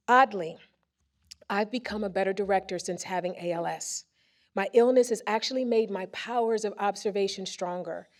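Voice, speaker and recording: A woman presenter reading a first-person story aloud on a theater stage into a microphone, with expressive comic timing. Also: medium pitch. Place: theater stage before a live audience.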